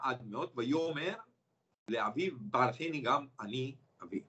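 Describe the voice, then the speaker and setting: A man's voice: mid-range voice, lively intonation, normal speed, sharp tone, husky, rough recording. A man teaching a scripture class over a video call, explaining step by step and checking in with his students.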